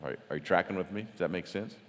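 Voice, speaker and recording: A man teaches a Bible study to a gathered audience, chatting loosely and quizzing them as he goes. His voice sits fairly low and he often trips and restarts his words. The sound rings out with the long reverb of a large hall. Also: fast talker, a bit bright.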